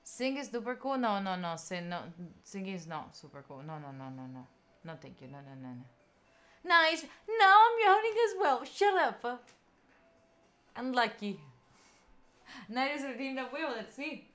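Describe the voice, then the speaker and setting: A young woman from Italy in her twenties, speaking with an Italian accent, chats casually on a study live stream, reading and replying to viewer messages between tangents. She's tired and yawning, yet her medium-pitched voice is very animated at a normal pace.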